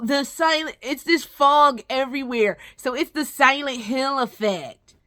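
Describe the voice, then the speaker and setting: A woman with a high, lively voice rants about games in a casual vlog, swearing freely. Her tone is bright and sharp, and she keeps slipping into mocking whiny impressions of characters. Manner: profane, exasperated ranting with mocking whiny impressions. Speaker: gaming vlogger.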